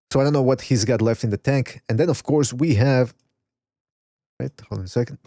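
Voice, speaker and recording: A man's voice: mid-range voice, mellow, no echo, studio quality. A man hosting a casual boxing podcast, rambling, swearing and reading chat messages aloud. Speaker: podcast host. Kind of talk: casual live-stream chat.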